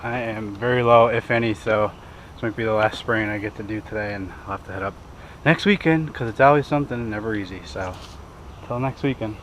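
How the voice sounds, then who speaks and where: A man with a lowish, somewhat bright voice talks fairly quickly as he hosts a hunting vlog. His casual narration is down-to-earth and self-mocking. The audio is poor, with road and outdoor noise plainly audible.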